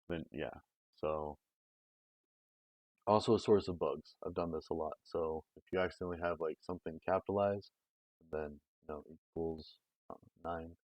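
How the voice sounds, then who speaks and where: With a low voice and no echo, a man streams a coding lesson, reasoning out loud in a loose, meandering way and using many filler words. He's close to a desk mic, so the audio sounds dull and dry.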